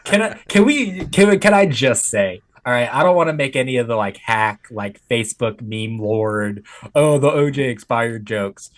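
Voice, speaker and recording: A man's voice: mid-range voice, normal speed, hardly any pauses. Blunt, ranting male comedian co-host. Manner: blunt, rants, laughs. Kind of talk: casual comedy chat.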